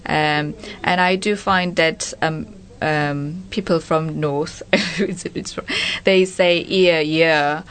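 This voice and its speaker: A woman with a slightly low voice answers questions as a guest in a casual chat. She speaks hesitantly and searches for the right words. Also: fairly even intonation, takes it slowly, hardly any pauses, a bit bright.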